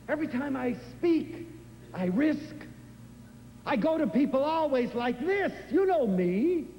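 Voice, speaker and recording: An older man gives an inspirational lecture to a live audience in a hall, with faint room noise in the background. He speaks at a measured pace but tells stories expressively and animatedly, with big swings in pitch.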